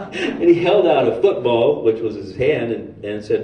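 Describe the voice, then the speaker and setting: A man giving a sermon in a storytelling way, animated and humorous. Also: medium pitch, slow. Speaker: speaker at a spiritual center. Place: hall of a spiritual center. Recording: roomy hall, distant mic, faint noise.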